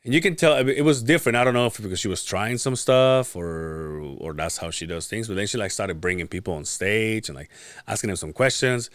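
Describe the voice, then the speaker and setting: A brisk man with a voice on the low side co-hosts a podcast, captured in clean studio sound without room reverb. He tells a story casually, peppering it with profanity and acting out the quotes.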